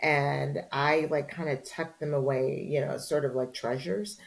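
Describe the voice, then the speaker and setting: A woman's voice: sits low, a little slow, gravelly, rough recording. A middle-aged woman, a journalist and author, telling a story in a candid interview and acting out the voices of the people in it. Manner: animated storyteller, acts out quoted voices.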